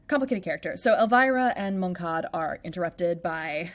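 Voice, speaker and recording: A podcast co-host, a woman with a slightly low voice, talking her way through a play's plot in relaxed chat. She's playful and chatty, with plenty of "like" sprinkled through her sentences. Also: a little fast. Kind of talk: casual chat recapping a play.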